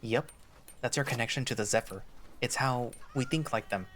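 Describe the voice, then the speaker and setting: A man reading a visual novel aloud in a measured first-person narration, voicing the lead's dialogue. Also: mid-range voice, a bit bright, a little hiss or hum.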